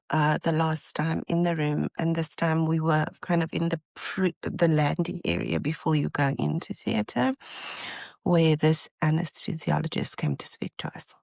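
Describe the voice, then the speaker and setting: A woman's voice: fairly low pitch, creaky, no room sound. Exasperated mother telling a story. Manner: animated, exasperated retelling. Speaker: podcast host, mother. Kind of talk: casual storytelling.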